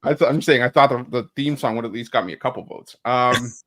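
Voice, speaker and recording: A man giving casual sports betting picks, joking around with quick asides. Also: mid-range voice, fairly bright tone.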